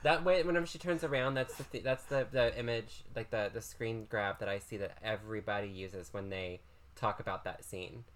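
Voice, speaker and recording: A man's voice: fairly low pitch, moderate pace. Chatty man rambling about a film. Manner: chatty, enthusiastic, rambling theories. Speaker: podcast guest. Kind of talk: casual movie chat.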